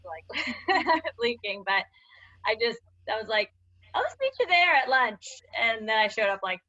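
Woman, halting casual talk, bright tone, muffled lo-fi recording. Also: mid-range voice. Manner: hesitant, many fillers and restarts. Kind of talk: casual chat. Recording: dull lo-fi sound.

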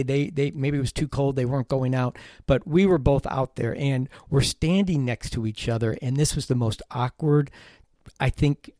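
A middle-aged man hosting a teaching podcast, telling a personal story in an earnest, animated way with self-deprecating humor. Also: fairly high pitch, dry recording, clean studio sound. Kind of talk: storytelling monologue.

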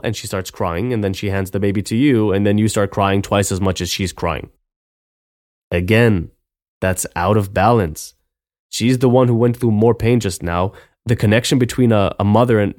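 A man's voice: lowish voice, a little mellow, no echo, clean studio sound. A man hosting a podcast, giving an earnest solo advice talk that often ends points with "right?". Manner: earnest, lecturing, with frequent "right?" tags. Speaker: podcast host.

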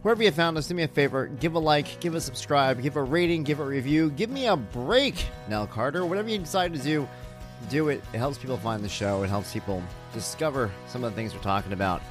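A man's voice: medium pitch, fast, faint music behind. A man in his thirties hosting his own podcast, chatting casually in a rambling, self-deprecating, joking way while sounding tired. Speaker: podcast host. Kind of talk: casual solo podcast chat.

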